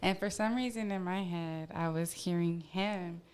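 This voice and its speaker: A woman's voice: on the low side, moderate pace, a little mellow, clear, resonant tone. A woman guest on a podcast, telling a story in casual chat and laughing as she goes. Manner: laughs through her story.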